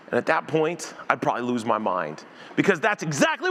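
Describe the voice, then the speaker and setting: A man's voice: on the high side, moderate pace, in a large hall, a little hiss or hum. A male pastor preaching a sermon, acting out the voices of the story as he tells it. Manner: animated preacher who acts out voices in the story. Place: church sanctuary.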